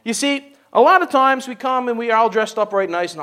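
A man preaching a sermon, animated and joking, with folksy asides and laughter. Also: extremely high pitch, a little fast, few pauses. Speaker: pastor.

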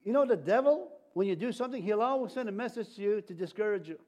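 A male preacher giving a sermon, halting and restarting often, with light jokes. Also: high-pitched, expressive, darkish tone.

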